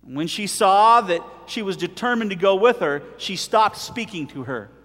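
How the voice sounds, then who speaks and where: A middle-aged man preaching a sermon with animated delivery, telling stories and acting out voices. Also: high voice, moderate pace, in a large hall. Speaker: pastor.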